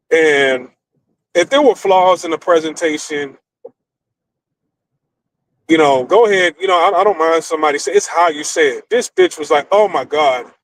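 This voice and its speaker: A middle-aged American man with a fairly high-pitched voice rants through a story. He talks in a blunt, profane, animated way, like a casual stream host. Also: slight background noise, low-quality recording.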